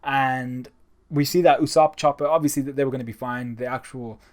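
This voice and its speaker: A man's voice: medium pitch, fairly even intonation, fairly quick. A man giving a casual, enthusiastic spoken review of a comic chapter, talking conversationally. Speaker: manga reviewer.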